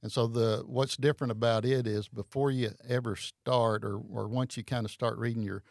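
A man explaining a Bible study method in casual chat, halting and hesitant with many fillers. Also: medium pitch, fairly even intonation, gravelly, no echo, studio quality.

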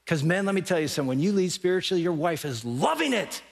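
A middle-aged male pastor preaching a sermon, telling lively stories and speaking straight to his congregation in a large church auditorium. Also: high voice, fast, vocal fry. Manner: animated storytelling, addressing the congregation directly. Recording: long reverb of a large hall.

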